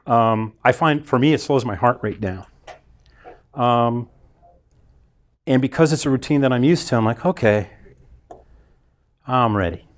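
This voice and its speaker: A male instructor speaks to a classroom about voice warm-ups, breathing and relaxing before a talk. His pitch jumps up and down as he explains, and he acts out the sounds he describes. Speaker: continuing education instructor.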